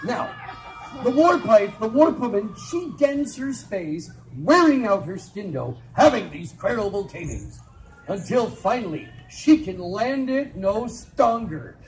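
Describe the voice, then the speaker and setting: A man's voice: high-pitched, big pitch swings, unhurried, a little hiss or hum, poor audio. A man telling a comic story full of spoonerisms and wisecracks to a crowd on an outdoor fair stage, recorded on a phone in the audience. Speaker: festival storyteller.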